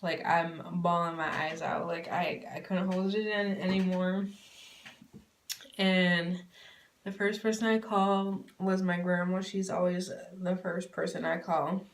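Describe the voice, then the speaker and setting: A woman's voice: lowish voice, flat delivery, unhurried, distant mic, slight background noise. A woman vlogger telling a personal story in a rambling, heartfelt and candid way. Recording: roomy sound from away from the mic.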